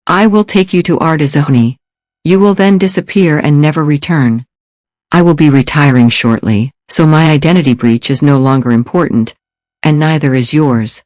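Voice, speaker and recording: A man voicing a calm, lethal male government enforcer, measured and commanding. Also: a little high, no echo, studio quality, close to an everyday voice.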